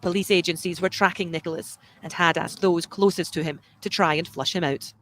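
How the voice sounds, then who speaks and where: A documentary narrator reading a scripted report in a measured tone. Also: medium pitch, steady tone, fairly bright tone, slight background noise.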